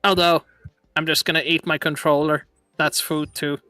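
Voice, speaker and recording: A man's voice: on the high side, flat delivery, normal speed, pushed and bright, no echo, clean studio sound. A young man hosting a casual streamed chat, laughing often and talking playfully. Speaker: VTuber streamer host.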